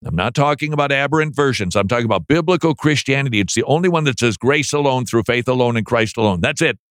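A man's voice: medium pitch, animated, fast talker, a bit bright, dry recording. Brief: male talk radio host, incredulous and sarcastic, mid-range voice, dry booth. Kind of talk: radio commentary.

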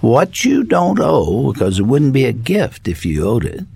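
An older man hosting a faith interview, speaking slowly and thoughtfully about his father. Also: medium pitch, huge pitch swings, vocal fry, darkish tone, breathy edge, no echo. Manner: slow, measured, reflective. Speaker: interview host. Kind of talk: radio interview.

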